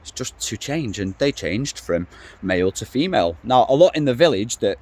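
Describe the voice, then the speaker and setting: A man's voice: medium pitch, big pitch swings, moderate pace, a little mellow. Middle-aged guy ranting away on his vlog, blunt and sweary, rambles a lot. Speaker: vlogger. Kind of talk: casual rant to camera.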